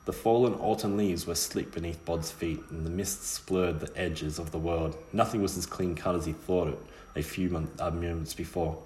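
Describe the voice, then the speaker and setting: A man reading a novel aloud in a measured, steady way, with small slips. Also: low voice, reverberant, a little hiss or hum. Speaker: narrator. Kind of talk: audiobook reading.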